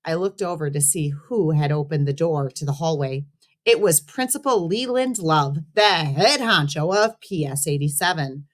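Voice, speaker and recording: A woman teacher reading a children's chapter book aloud to her students in an expressive, friendly way. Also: sits low, moderate pace. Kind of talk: read-aloud storytelling.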